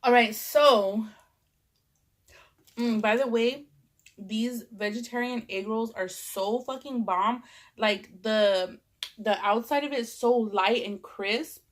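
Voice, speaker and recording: A young Californian woman vlogs while eating, stuffed up from a cold and rambling casually. She's chatty and uses lots of "like" and other fillers, speaking slowly in a voice on the high side.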